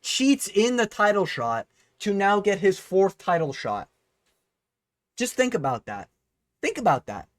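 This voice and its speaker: A man's voice: high-pitched, sing-song, a little slow, long pauses, dry recording. A man hosting a vlog breakdown of a fight card, ranting heatedly with plenty of swearing. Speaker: host.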